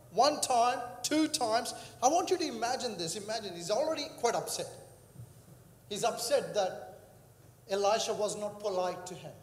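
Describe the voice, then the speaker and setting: A male pastor preaching a sermon, telling a story with frequent fillers and acted-out quotes. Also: high voice. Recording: echoey hall with long reverb.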